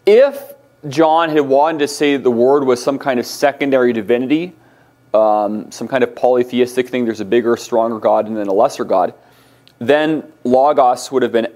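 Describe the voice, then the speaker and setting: Male Greek teacher, mid-pitched voice, halting classroom lecture with fillers and restarts. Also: darkish tone. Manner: halting, many ums and restarts, slows for key terms.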